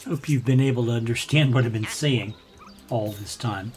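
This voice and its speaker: An older man with a gravelly voice, casually commentating as he plays a game, now and then clearing his throat. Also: medium pitch, normal speed, over music. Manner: relaxed, chatty, frequent throat clearing. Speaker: gaming channel host. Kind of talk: let's play commentary.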